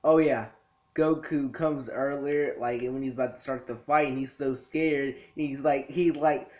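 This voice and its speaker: A man's voice: mid-range voice, steady tone, darkish tone, muffled recording. A man casually reviewing anime episodes in his room, rambling and acting out characters' lines. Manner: rambling, acts out characters' lines in quick bits. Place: his own room lit by a TV.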